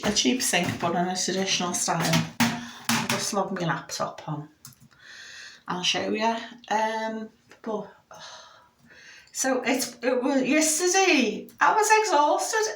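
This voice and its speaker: Middle-aged woman vlogging at home, chatty and a bit indignant, echoey room. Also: fairly high pitch. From United Kingdom. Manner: chatty, indignant, acts out quoted exchanges. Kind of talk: casual home vlog storytelling.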